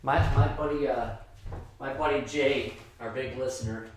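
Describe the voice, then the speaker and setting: Male co-host, easygoing and chatty, mid-pitched voice, roomy echo. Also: fairly even intonation, normal speed, noisy background. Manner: easygoing, agreeable, laughing often. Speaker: podcast co-host. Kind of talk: casual hockey podcast chat.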